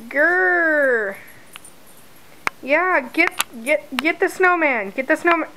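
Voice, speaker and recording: A woman's voice: high-pitched, animated, takes it slowly, background noise. A woman filming her dog at home, talking to it in exaggerated sing-song baby talk.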